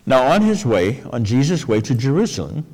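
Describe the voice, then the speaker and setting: A man preaching a sermon, folksy and expressive, dropping to soft low phrases and jumping to high, emphatic ones. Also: fairly quick. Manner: folksy, colloquial asides. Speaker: pastor. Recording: long hall reverb.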